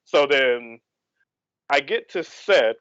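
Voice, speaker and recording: A man who is a guest actor in a live interview, telling his story in an excitable, animated way and acting out his reactions, with sudden leaps up and drops down in his voice. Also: mid-range voice, takes it slowly, no room sound, dull audio.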